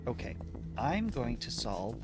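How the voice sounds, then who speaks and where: A man's voice: mid-range voice, very animated, measured pace, loud music behind the voice. A man streaming a video game, reading its text aloud and chatting casually about what he reads while he works through puzzles. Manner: reads on-screen text aloud, then chats back. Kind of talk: casual let's-play commentary.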